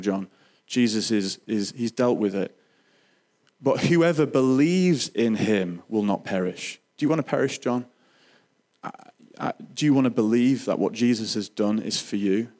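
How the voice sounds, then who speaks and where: A man's voice: lowish voice, darkish tone. Earnest man telling a testimony. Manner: earnest, halting with frequent restarts. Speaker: Christian speaker sharing testimony. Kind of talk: personal testimony storytelling.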